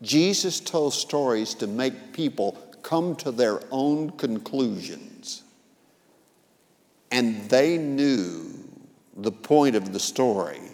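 A man preaching a sermon, retelling a parable with vivid acted-out quotes that swing between loud and soft. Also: medium pitch, expressive, slow pace, in a large hall. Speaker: pastor. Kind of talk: sermon storytelling.

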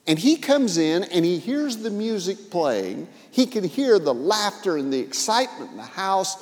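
Preacher guy telling a parable, kinda high voice, big hall echo. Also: normal speed. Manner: animated, acts out quoted voices, swings loud and soft. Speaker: pastor. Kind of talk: sermon storytelling.

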